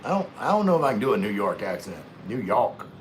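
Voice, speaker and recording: A man hosting a relaxed livestream, rambling in a folksy way while eating and chatting to viewers. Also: lowish voice, racing, a little hiss or hum. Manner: laid-back, rambling, talks with mouth full; folksy, calls himself country. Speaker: vlogger hosting a live stream.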